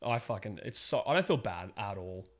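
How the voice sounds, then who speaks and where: A young Australian man co-hosting a podcast, brash and swearing freely as he tells animated stories. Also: lowish voice, brisk. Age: young adult. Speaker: podcast co-host. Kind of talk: casual banter.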